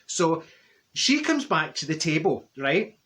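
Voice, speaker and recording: A man's voice: fairly high pitch, very animated, takes it slowly, fairly bright tone, exaggerated voice. A man playing a chatty older woman from Glasgow with a Glaswegian Scottish accent, telling a rambling comic story and laughing at his own jokes. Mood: gossipy. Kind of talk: comic character monologue.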